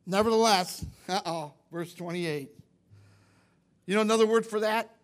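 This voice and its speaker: A man's voice: sits high, normal speed. A man preaching a sermon in church, emphatic and repetitive, often questioning the congregation. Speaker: pastor.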